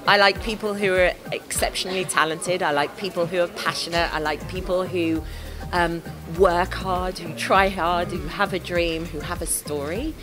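Hoarse, chatty woman in interview. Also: fairly low pitch, steady tone, moderate pace, music in the background. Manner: chatty and effusive, many restarts and fillers. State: hoarse, has lost her voice. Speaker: TV dance show host, interview guest. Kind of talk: casual interview answers.

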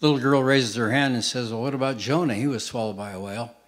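An older man doing stand-up on stage, telling quick deadpan one-liners to a live audience. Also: medium pitch. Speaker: stand-up comedian. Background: audience laughter.

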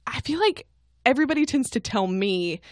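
Brief: lively woman from Kentucky, higher voice, casual podcast co-host, dry close mic. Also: a little fast, no echo. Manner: animated, laughs often. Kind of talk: casual movie chat.

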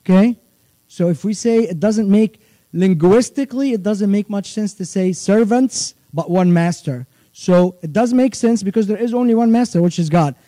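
A man teaching children a church chant, patiently repeating each line and singing it out slowly. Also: high voice, dark tone, no room sound, poor audio. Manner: patient, repeats phrases slowly, sings the verse drawn out. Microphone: livestream.

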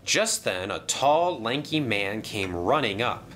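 A man narrating a toy train story in a lively storytelling manner. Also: lowish voice, slow, slight background noise.

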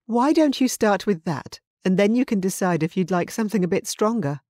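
A woman narrator voicing a quick-witted woman bartender with an East London accent in an audiobook. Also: medium pitch, animated, dark tone, dry recording, studio quality, pitched above the performer's own voice, lightly acted. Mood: bright.

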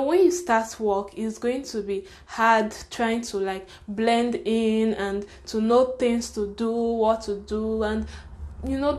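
A young woman from Nigeria with a Nigerian accent and a fairly high voice talks fast and frankly in a casual storytime vlog. She gives advice in a chatty way, sprinkling in the word "sha" and plenty of laughter. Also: darkish tone. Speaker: vlogger.

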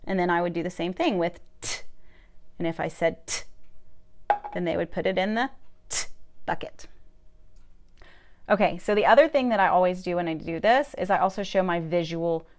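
A woman's voice: fairly low pitch, moderate pace, pauses often. Upbeat woman explaining a classroom activity. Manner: upbeat, explains step by step with fillers. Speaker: speech therapist. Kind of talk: instructional video demonstration.

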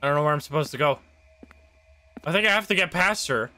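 A man streaming a horror game live, reacting jumpily with excitable, swearing commentary. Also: a little high, quick pace.

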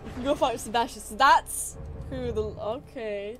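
A woman's voice: fairly high pitch, lively intonation, moderate pace, faint music behind. A young woman streaming from home, chatting casually with her viewers while gaming, giggling often and answering chat.

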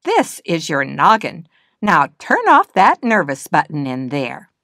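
A gentle, firm old grandmother bird, read by a woman. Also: low voice, huge pitch swings, measured pace, no room sound, studio quality, heavily acted. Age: older. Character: calm elderly grandmother nandu bird. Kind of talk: storybook reading.

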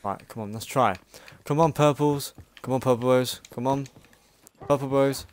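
A man's voice: medium pitch, moderate pace, slight background noise. A man giving casual gameplay commentary as a channel host, frustrated and swearing as he plays. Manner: frustrated, swearing, raging at the game.

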